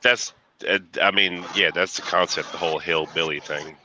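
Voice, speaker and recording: A man's voice: low-pitched, fairly even intonation, moderate pace, dull audio, background noise. A man talking in a rambling way with many restarts, in casual voice chat. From United States.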